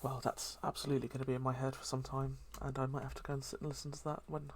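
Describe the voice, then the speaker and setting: A host talking through a heartfelt solo chat in a soft, hesitant and reflective way, with many pauses and ums. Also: medium pitch, flat delivery, a little hiss or hum. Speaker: daily channel host.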